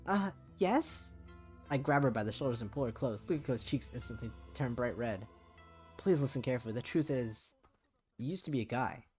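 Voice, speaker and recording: A man's voice: medium pitch, fairly quick, a little mellow. Man reading a visual novel aloud on stream, plain mid voice, loose and casual, a bit of music behind. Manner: casual reading with swearing asides.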